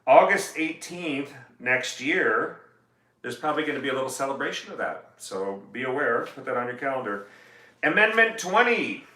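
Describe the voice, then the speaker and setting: A man, an attorney, talks casually on a livestream, reading legal text aloud and tossing in quips. His voice is bright and forward. The sound carries a noticeable room echo from his home music room. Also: medium pitch. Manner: chatty, reads legal text aloud then jokes about it.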